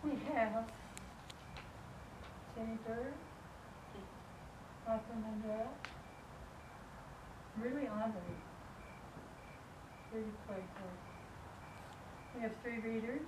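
A woman hosting a peace forum, introducing the readers in a gracious, measured way. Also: a little high. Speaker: event host. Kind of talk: event introduction. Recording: roomy, distant, noisy event recording.

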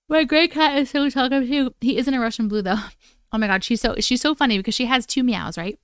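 A woman's voice: on the high side, fairly quick, smooth, dry recording, clean studio sound. A woman hosting a casual live stream from home, chatty, gushing and affectionate as she talks with viewers. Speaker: live-stream host reading viewer stories. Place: at home with her cats.

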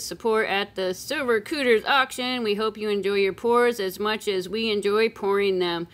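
A woman casually chatting as she unboxes silver pieces, playful and chatty, breaking into excited squeals and sing-song calls. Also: fairly high pitch, a little hiss or hum. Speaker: silver coin collector vlogger.

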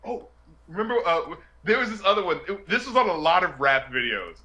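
Man, casual chat host, high voice, very bright, laughs mid-story. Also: brisk, highs cut off. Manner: animated storytelling that breaks into laughter. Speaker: music video reviewer and show host.

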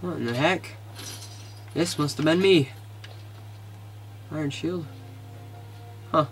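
Excitable man muttering through a game. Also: a little high, slight background noise. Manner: excitable, quick to frustration, mutters to himself. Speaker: gamer. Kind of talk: casual game commentary.

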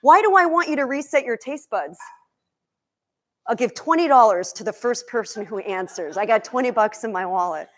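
A woman nutrition coach and cookbook author from Egypt, giving a lively talk to a live audience in a demo kitchen, asking them questions. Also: a little high, moderate pace. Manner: energetic, questions the audience, emotional.

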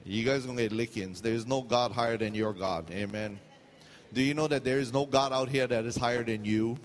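A man's voice: mid-range voice, a little fast, big-room sound, slight background noise. A middle-aged man from Hawaii with a Hawaiian accent, preaching a sermon, telling stories with jokes and slipping into pidgin. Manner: storytelling, jokey, loose pidgin asides. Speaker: pastor.

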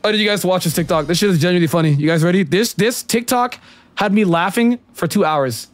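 A man's voice: high-pitched, fast. A man streaming a game and chatting with viewers, slangy and profane and laughing often. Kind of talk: casual livestream chat with viewers.

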